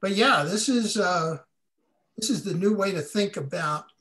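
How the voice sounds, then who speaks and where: A man's voice: sits high, lively intonation, a little slow, fairly bright tone. An older man, a guest speaker, answering questions in a casual, folksy way on a video call, often correcting himself mid-sentence.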